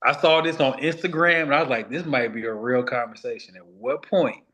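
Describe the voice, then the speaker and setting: A man's voice: medium pitch, a little fast, a bit bright. Laid-back man talking basketball. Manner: loose, conversational, repeats points for emphasis. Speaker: podcast co-host. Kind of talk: casual basketball talk.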